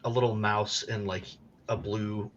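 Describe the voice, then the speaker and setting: A man's voice: fairly low pitch, level tone, measured pace, a bit bright, dull audio, a little hiss or hum. A man narrating as game master of a tabletop game, in a laid-back, rambling way.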